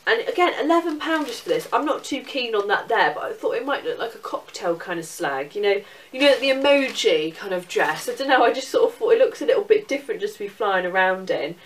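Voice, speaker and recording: A young Englishwoman in casual, sweary, excitable chat about her shopping haul. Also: medium pitch, a little fast, distant mic, slight background noise. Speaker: vlogger.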